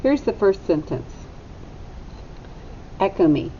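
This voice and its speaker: A woman teacher giving a phonics lesson to young children, sounding out letters slowly and deliberately. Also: mellow. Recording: slightly dull recording with faint rumble.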